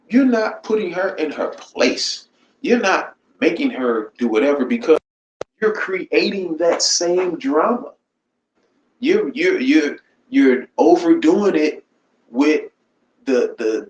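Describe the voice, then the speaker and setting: A man's voice: on the high side, very animated, a little slow, dull audio. A man hosting a casual live-stream chat, blunt and profane, often asking "you know what I'm saying". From United States. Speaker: channel host. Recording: roomy echo, faint background noise.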